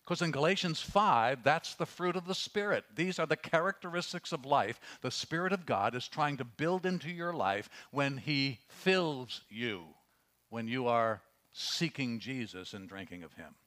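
A pastor preaching a sermon, reading scripture and telling stories, dropping to a hush and then rising for emphasis. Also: male voice, mid-range voice, animated, unhurried. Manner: earnest preaching, swings from hushed storytelling to raised emphasis; reads scripture aloud, with fillers and restarts.

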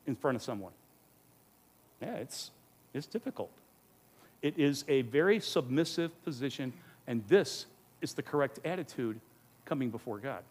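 Emphatic man preaching a teaching sermon. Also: mid-range voice. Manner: earnest, emphatic, asks rhetorical questions. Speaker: pastor teaching a Bible study. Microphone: microphone.

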